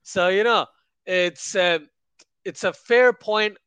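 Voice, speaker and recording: Sarcastic guy guesting on a cricket podcast, high bright voice, dry sound. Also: slow pace, smooth, no echo. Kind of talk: casual cricket podcast chat.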